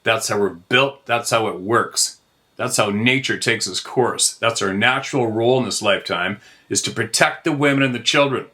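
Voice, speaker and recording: Middle-aged man, angry profane rant, bright forceful voice, even pitch. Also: moderate pace. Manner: profane, heated, ranting. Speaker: host. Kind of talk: angry monologue.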